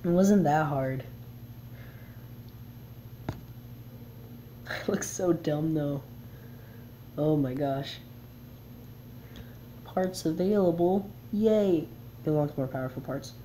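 A laid-back player commenting on a game, reading its text aloud in an unhurried way. The voice is mellow and warm, with light laughs between the lines. A faint background noise sits under the talk. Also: medium pitch, fairly even intonation, rough recording. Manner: reads game text aloud with chuckling asides. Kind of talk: casual gameplay commentary.

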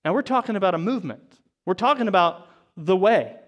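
Pastor guy with a high voice, preaching in church, chatty asides between verses. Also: expressive, brisk, a bit bright. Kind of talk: sermon. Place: church service.

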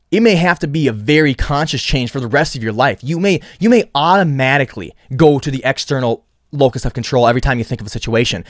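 A man's voice: mid-range voice, dry recording, studio quality. Rambling man hosting a solo podcast. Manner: rambling, lots of restarts and repeated words. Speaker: podcast host.

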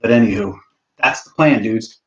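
A man's voice: lowish voice, moderate pace, background noise. Young guy hosting a live stream, swears a lot, jokey and self-mocking, talking with food in his mouth, kinda muffled lo-fi sound. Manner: joking, profane, self-mocking; talking while eating. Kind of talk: casual live-stream chat. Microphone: laptop mic.

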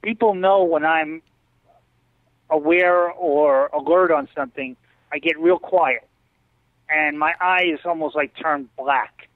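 Male guest, animated storyteller, slightly high voice, dry phone-like call audio. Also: slow pace, no room sound. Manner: animated storyteller, acts out others' lines. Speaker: interview guest. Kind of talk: storytelling in a casual interview. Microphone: video call.

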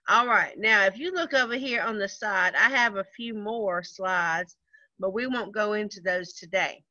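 A woman's voice: mid-range voice, expressive, normal speed, sharp tone, dry recording, muffled recording. A woman teaching an online music lesson to young children, patiently counting rhythms aloud in a sing-song way. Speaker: first grade music teacher.

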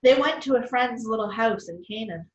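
A woman's voice: fairly high pitch, expressive, normal speed. Friendly female storyteller reading aloud; distant, echoey, muffled recording. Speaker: children's storyteller. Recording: distant, roomy, dull sound.

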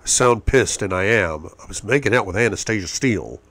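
A man's voice: lowish voice, animated, brisk, a bit bright, no room sound. A man reading a novel aloud in first person, often murmured and intimate. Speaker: audiobook reader.

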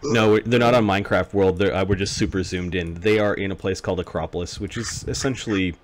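Deep-voiced game master, halting. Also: male voice, steady tone. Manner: halting, with many restarts and fillers. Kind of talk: narrating a tabletop game.

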